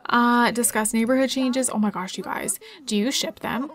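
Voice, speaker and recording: A woman's voice: a little high, normal speed, fairly bright tone. A woman casually commentating her life-simulation game, chatty and giggly, talking straight to her viewers. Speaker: gaming YouTuber.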